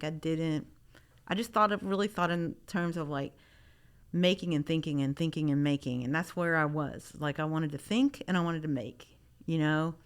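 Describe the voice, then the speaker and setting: A woman's voice: fairly low pitch, smooth. A middle-aged woman artist from Memphis, talking casually in an interview, rambling with many restarts. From Memphis, Tennessee. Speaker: artist guest.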